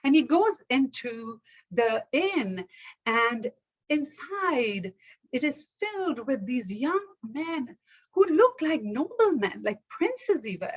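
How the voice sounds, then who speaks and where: A woman storyteller telling a folktale aloud in a measured, rhythmic way. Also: high voice, sing-song, breathy edge, muffled recording.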